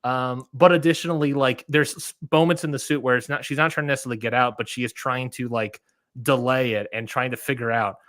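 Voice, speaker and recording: A man's voice: medium pitch, fairly even intonation, fast, fairly bright tone, no room sound, studio quality. A man co-hosting a wrestling podcast in casual chat, rambling with lots of fillers and restarts. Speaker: podcast co-host.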